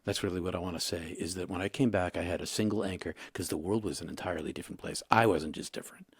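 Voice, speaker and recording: A man in his sixties, a guest in an interview, telling his story in a halting way with many restarts. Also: low-pitched, fairly even intonation, husky, no echo, clean studio sound. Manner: halting, repeats and restarts, emotional retelling.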